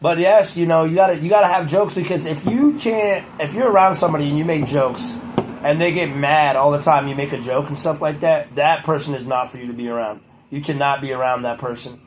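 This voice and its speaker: A man's voice: fairly high pitch, steady tone, brisk, background noise, close to an everyday voice. A man doing a comedic impression of a boastful older male public figure, giving a rambling, profane pep talk with a hint of a Boston accent.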